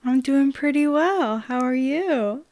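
A woman co-hosting a casual history podcast, bubbly and joking, quick to cheer and laugh. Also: high voice, animated, darkish tone. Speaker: podcast co-host.

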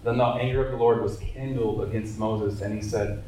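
A man's voice: lowish voice, fairly even intonation, moderate pace, warm tone, far from the mic, a little hiss or hum. A man in his thirties leads a church training session. He reads scripture and explains it in an earnest, casual way. His voice comes from across a very echoey room, well away from the mic. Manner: casual and earnest, with fillers and restarts. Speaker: evangelism trainer.

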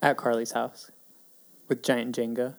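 Soft-spoken young man, dry replies. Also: mid-range voice, flat delivery, moderate pace. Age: 20s. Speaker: podcast co-host. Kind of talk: casual chat.

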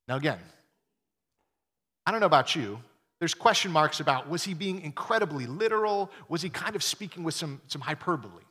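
A young man preaching a sermon as a pastor, casual and lively, with slang asides and quoted lines acted out. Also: on the high side, fairly quick, breathy edge. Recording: long hall reverb.

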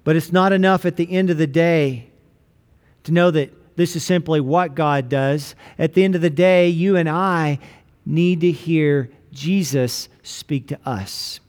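Man preaching a sermon, higher voice. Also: measured pace, darkish tone. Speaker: pastor.

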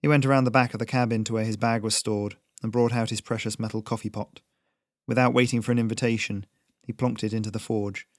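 A man reading a story aloud in a slow, measured narration. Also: fairly low pitch, flat delivery, no room sound, clean studio sound.

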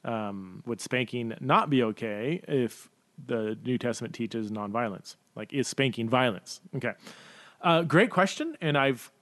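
A man's voice: mid-range voice, expressive, a little slow, fairly bright tone, dry recording. A man hosting a Q&A podcast, thinking aloud with lots of fillers and restarts and stumbling over words. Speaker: podcast host. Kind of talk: casual Q&A podcast talk.

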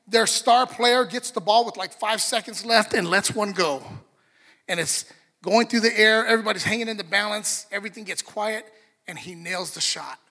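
High, bright-voiced man preaching in a hall. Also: normal speed. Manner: animated, acts out the story in voices. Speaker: pastor. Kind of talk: sermon. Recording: long reverb of a large hall.

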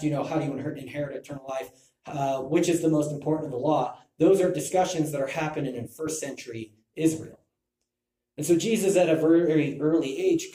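A man's voice: a little high, dark tone. A man giving a Bible teaching talk, thinking aloud with frequent restarts. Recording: echoey room.

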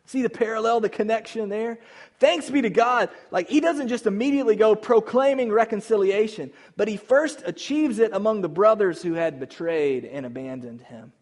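A man preaching a sermon to his church, moving between loud emphatic calls and hushed, tender passages. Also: high voice, normal speed. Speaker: pastor. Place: church sanctuary.

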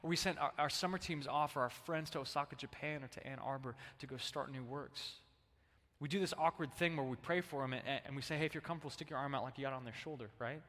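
A man delivering a sermon with a bright, forceful tone that carries through a church hall with long reverb. He talks in a loose, conversational way and keeps urging the congregation to answer him aloud. His pitch sits in an ordinary middle range. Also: fast talker. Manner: conversational, animated, prompts congregation to respond. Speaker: pastor. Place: church sanctuary.

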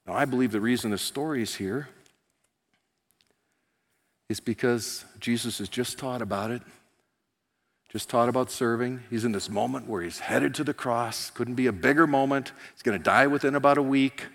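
A man preaching a sermon as pastor, telling the story in an animated way and acting out the characters. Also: normal speed. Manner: animated storytelling, voicing characters with rising pitch and volume. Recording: long hall reverb.

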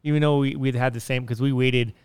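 A man's voice: medium pitch, steady tone, fast talker, smooth, no room sound. A man hosting a podcast in casual chat, rambling and often restarting his sentences into a studio mic. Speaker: podcast host.

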